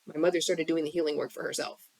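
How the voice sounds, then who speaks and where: This woman's voice sits low with a darkish tone, and she talks fast with a flat delivery, recorded dry on her phone. As a spiritual coach on a bedroom live stream, she gives a blunt, impassioned, freely profane talk about healing.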